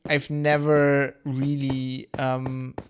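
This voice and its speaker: A man's voice: medium pitch, monotone, very slow, slight background noise. A man streaming a game, rambling in loose, casual chat full of swearing and fillers. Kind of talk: casual chat while gaming.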